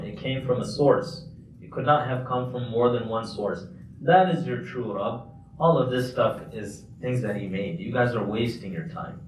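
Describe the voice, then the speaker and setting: A man leads a community Quran lesson in a conversational, explaining way, often restarting his phrases. His voice sits at an ordinary middle pitch. The sound is roomy and picked up from a distance, with a faint hiss underneath. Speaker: mufti teaching a class. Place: large mosque hall. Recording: echoey hall, distant mic, faint noise.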